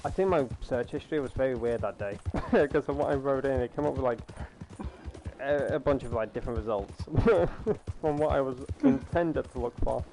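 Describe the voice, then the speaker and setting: A man's voice: medium pitch, lively intonation, normal speed. A young man chatting casually with a friend while streaming a game, telling stories animatedly and swearing now and then. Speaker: gaming streamer. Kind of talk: casual chat while gaming. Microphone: gaming headset. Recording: noisy game audio behind.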